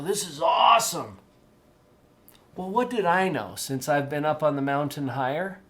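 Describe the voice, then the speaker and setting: A middle-aged man giving a motivational talk to teenagers about their parents, telling a story and acting out both sides. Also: fairly high pitch. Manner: animated storytelling, acts out parents and kids. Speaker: parenting coach.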